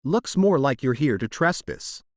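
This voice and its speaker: A man reading the lines of a gruff, hard-edged rancher who is fiercely protective, in a clipped way. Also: mid-range voice, expressive, measured pace, no room sound, studio quality, close to an everyday voice.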